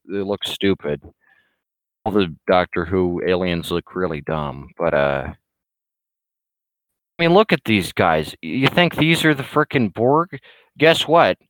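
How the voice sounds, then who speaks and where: Blunt, forceful man ranting. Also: low-pitched, dry recording, poor audio. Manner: rambling, blunt, full of restarts and fillers. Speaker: vlogger. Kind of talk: casual opinionated rant.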